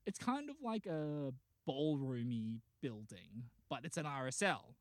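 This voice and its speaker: A man's voice: mid-range voice, big pitch swings, unhurried, dry recording, studio quality. A man, a podcast host animatedly retelling a dream and acting out voices. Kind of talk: casual chat, retelling a dream.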